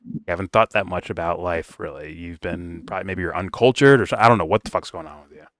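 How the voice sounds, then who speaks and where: A man's voice: deep voice, fast talker, a bit bright, dry recording. A man giving a casual review, talking bluntly and swearing freely. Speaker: film reviewer. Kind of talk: casual commentary rant.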